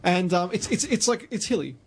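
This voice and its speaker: A man's voice: sits high, animated, fairly quick, breathy edge. An Australian man hosting a podcast, telling long rambling stories in casual chat with lots of restarts. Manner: rambling storyteller with many restarts. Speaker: podcast host.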